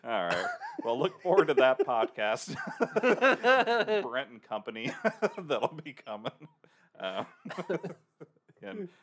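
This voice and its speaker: A man's voice: medium pitch, big pitch swings, slow pace, fairly bright tone. A man hosting a casual podcast, laughing often and teasing his co-hosts. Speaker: podcast host.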